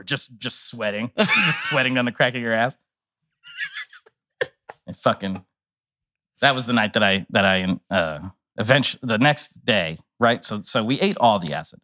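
A man's voice: mid-range voice, a little slow. A man telling a wild story on a podcast in casual, profane talk, acting out what people said. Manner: animated, profane storytelling with acted-out quotes. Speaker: podcast guest.

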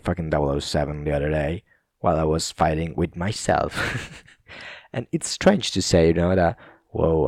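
A man's voice: low-pitched, creaky, a little mellow, no echo, studio quality. A young Italian man with an Italian accent, rambling casually in a monologue, laughing often and full of fillers and restarts. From Italy.

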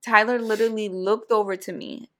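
A woman's voice: mid-range voice, fairly quick. A young woman telling a story in casual chat, acting out what people said. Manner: animated, acts out quoted voices. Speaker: podcast co-host.

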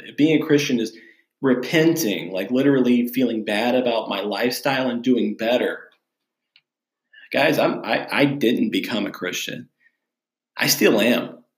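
A young adult man, a pastor hosting his own podcast, tells a personal story in a loose, candid, self-deprecating way. His pitch sits right in the middle for a man. The recording has a roomy, echoey sound. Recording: echoey room.

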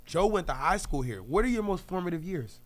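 A man's voice: high-pitched, very animated, brisk. A man from co-hosting a sports podcast, telling stories in an emphatic, casual way. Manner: emphatic, storytelling. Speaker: podcast co-host.

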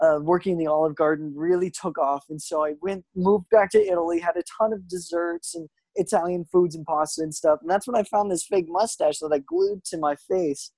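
A woman's voice: on the low side, a little fast, hardly any pauses, warm tone, dry recording. A woman voicing a nervous impostor man faking being Italian, stammering through his excuses in an improv sketch. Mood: flustered. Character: fake Italian man pretending to be Italian, flustered.

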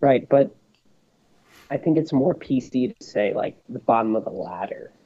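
A man co-hosting a podcast talks casually on a video call, playful and easygoing, and says "bro" frequently. His medium-pitched voice is warm, husky, and animated at a normal speed. The recording has lo-fi online call quality.

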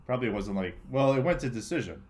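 A man co-hosting a casual sports chat, relaxed and hesitant, often trailing off mid-thought. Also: mid-range voice, fast talker. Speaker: co-host.

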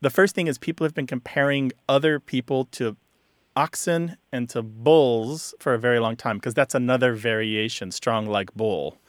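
A man's voice: medium pitch, dry recording, studio quality. Man explaining word origins on radio. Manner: chatty and explanatory, quick asides. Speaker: radio show co-host.

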